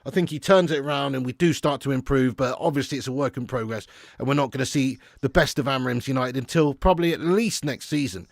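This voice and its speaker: A man streaming a live football watch-along, reading viewer comments casually, then swearing and shouting at the match as it unfolds. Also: medium pitch, fast talker, vocal fry, no echo, studio quality.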